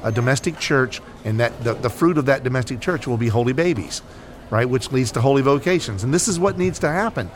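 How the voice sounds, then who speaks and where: Man, American, earnest, repetitive, casual faith talk, mid pitch, faint background noise. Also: lively intonation, fairly quick. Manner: earnest, repetitive, many fillers and "right?". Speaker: Catholic podcast co-host.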